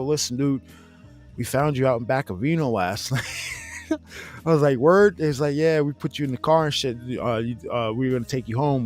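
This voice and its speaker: A man in his forties hosting a casual chat, telling a rambling, profane story and acting out his friends' lines with a laugh. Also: medium pitch. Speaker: podcast host.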